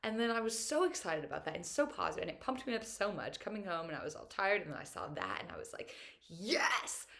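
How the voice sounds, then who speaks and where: A woman's voice: on the low side, big pitch swings, quick pace, vocal fry, few pauses, fairly bright tone. A young woman talking to camera in a casual reflective monologue, chatty and upbeat, full of filler words and open about her feelings. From United States. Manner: earnest and openly emotional at times. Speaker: vlogger.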